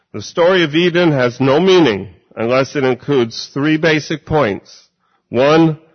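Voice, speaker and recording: A male preacher delivering a sermon at an unhurried, careful pace, weighing each phrase as he reads scripture and explains it. His voice sits at an ordinary middle pitch. The recording is dull and lo-fi, with the highs rolled off. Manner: measured and deliberate.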